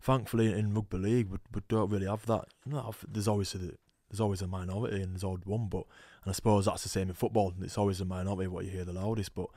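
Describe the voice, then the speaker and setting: A young man, a rugby player guest telling animated stories in a casual podcast chat. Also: deep voice, quick pace, few pauses, no echo, clean studio sound. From England. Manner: storytelling, animated quoting, laughs often. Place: podcast studio.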